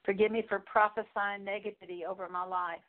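Woman praying out loud, flat even voice, halting and repeating herself, sounds tinny like over a phone. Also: mid-range voice. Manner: halting, repetitive pleading with pauses. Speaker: prayer leader. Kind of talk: spoken prayer of confession.

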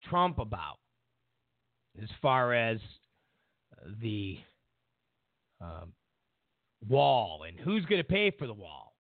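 Gravelly man ranting over a tinny line. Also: medium pitch, dry recording. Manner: rambling, many fillers and restarts, mocking quotes. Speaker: show host. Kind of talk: political commentary monologue. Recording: dry tinny phone-like sound.

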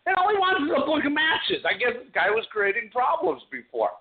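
A man co-hosting a talk radio show, telling a short anecdote in a relaxed, conversational way. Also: extremely high pitch, a little fast. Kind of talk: casual chat on talk radio. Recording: tinny phone line.

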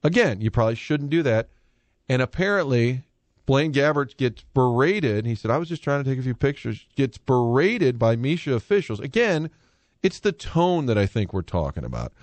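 A male sports radio host telling a story. He talks in an animated, sometimes heated way, and his voice sits at a middle pitch. The sound is dry and close. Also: normal speed, no room sound. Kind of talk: casual sports talk.

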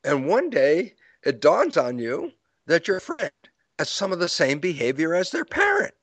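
As a guest author in an interview, a man with a fairly high voice and huge pitch swings explains ideas at a measured pace like a lecturer. He acts out quoted dialogue and chuckles at his own points, with no echo on the recording.

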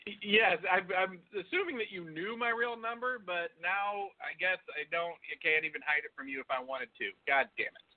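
A man's voice: high voice, brisk. A middle-aged man co-hosting a casual chat over the phone, laughing often and swearing freely. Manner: laughs often, loose and profane. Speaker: podcast co-host. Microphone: phone call. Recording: tinny phone line.

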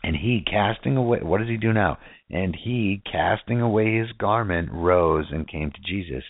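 Low-voiced man preaching, phone-thin sound. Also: moderate pace, no echo. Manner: casual, keeps asking "right?" and rhetorical questions. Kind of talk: sermon. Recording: tinny phone-like dry sound.

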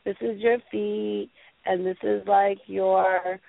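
A woman's voice: mid-range voice, flat delivery, slow, gravelly, no echo. A woman hosting a casual call-in show, telling rambling stories full of filler words. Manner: rambling storyteller, many fillers. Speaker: show host. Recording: tinny phone-line audio with faint noise.

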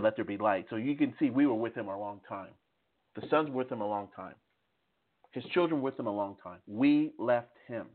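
A man in his fifties preaching fervently on a call, often repeating words and restarting his sentences. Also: mid-range voice. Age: 50s. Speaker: participant. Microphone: phone call. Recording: tinny phone line.

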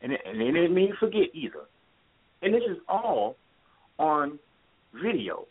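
A man's voice: a little high, very animated, a little slow, husky. Impassioned man on a tinny phone line. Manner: impassioned, repeats points for emphasis. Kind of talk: phone-in talk radio.

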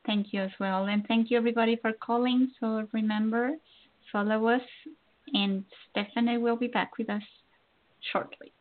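Woman host, higher voice, brisk, phone-line sound. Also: fairly even intonation. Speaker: show host. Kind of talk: wrapping up a call-in show.

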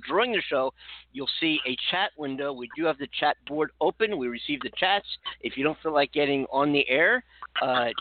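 A man hosting a radio talk show, reading out the show's contact details and listener chats in a relaxed, steady way. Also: mid-range voice. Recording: tinny phone-line radio audio.

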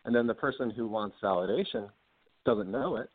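A man's voice: on the low side, no room sound. A man, an author, explaining his ideas as an interview guest in an earnest way and laughing easily. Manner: earnest, quick to laugh, acts out example dialogue. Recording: dry, tinny phone-like line.

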